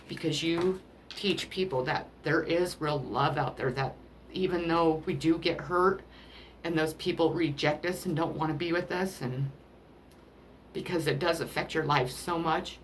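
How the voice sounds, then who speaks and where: A woman doing a spiritual card reading, emotional and rambling, often pausing to apologize as she talks to the listener about love. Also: deep voice, slight background noise. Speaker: tarot card reader.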